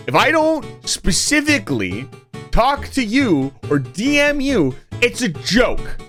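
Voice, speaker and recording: Young streamer guy ranting at chat as a joke, voice sits a bit high and bounces all over, faint music behind. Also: huge pitch swings, unhurried, fairly bright tone. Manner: mock-angry joking that turns earnest. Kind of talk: casual live-stream chat.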